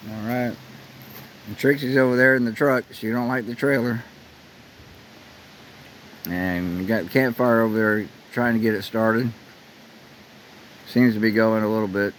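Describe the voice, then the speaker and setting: A man filming a relaxed, rambling camping vlog at an outdoor campsite on a handheld camera. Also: lowish voice, unhurried, pauses often, rough recording. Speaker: vlogger. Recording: faint outdoor noise.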